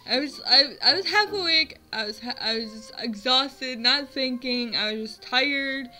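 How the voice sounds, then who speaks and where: Her voice high-pitched, pushed and bright, a young American woman in her twenties unhurriedly rambles through a funny personal tale for her vlog viewers. She mocks herself and keeps saying "like." Soft background music accompanies the poor audio.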